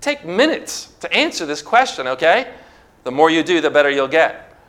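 A male pastor delivering a sermon with a bright, forceful voice pitched a little above the usual. He preaches emphatically, building to near-shouts as he drives his points home. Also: big pitch swings, moderate pace.

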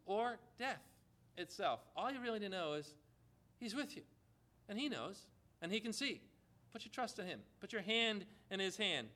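Bright, high-voiced male preacher. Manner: emphatic, with rhetorical questions to the congregation. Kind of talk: sermon.

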